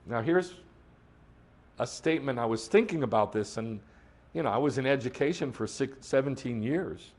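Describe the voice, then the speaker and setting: A man's voice: mid-range voice, moderate pace. A middle-aged man teaching a sermon in a conversational way, asking the listeners questions and reciting Hebrew prayer lines. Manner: lively, conversational, asks the room questions. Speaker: congregation teacher.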